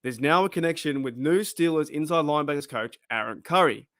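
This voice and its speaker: A man's voice: fairly high pitch, lively intonation, fairly quick, a bit bright, no room sound, studio quality. A man with an Australian accent hosting his own fan channel, chatting casually and rambling as he asks viewers questions. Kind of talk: casual chat to camera.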